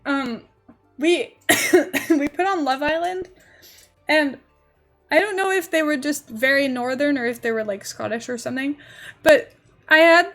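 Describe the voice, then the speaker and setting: A woman's voice: high voice, a bit bright. A young woman streaming live, rambling casually and thinking aloud as she builds in a game. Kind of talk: casual livestream chat while building in a game.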